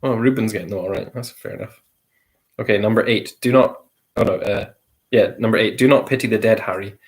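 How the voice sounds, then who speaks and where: A man hosting a casual quiz, reading each question and repeating it. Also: fairly low pitch. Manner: repeats questions slowly, with light chuckles. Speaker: quiz host.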